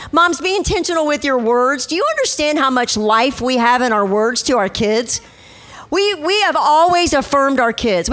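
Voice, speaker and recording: A middle-aged woman pastor preaching a sermon, emphatic and repeating key phrases slowly. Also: high-pitched, fairly bright tone.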